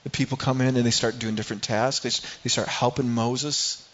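A man's voice: mid-range voice, steady tone, brisk, lo-fi sound. A man preaching a sermon as a pastor, earnest and asking rhetorical questions.

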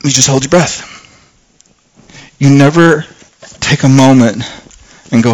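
A middle-aged man preaching a sermon, telling a personal story with lots of restarts, getting louder when reliving the danger and softer when he reflects. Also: mid-range voice, unhurried, long pauses, rough recording. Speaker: pastor.

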